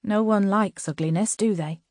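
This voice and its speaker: A woman's voice: mid-range voice, moderate pace, a little mellow, dry recording, studio quality, lightly acted. A woman voicing a guilty ex-girlfriend who talks in a defensive, wheedling, sheepish way.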